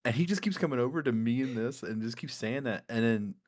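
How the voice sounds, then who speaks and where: A man casually telling a story among friends, animated and laughing often as he goes. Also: medium pitch, fast talker. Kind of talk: casual chat.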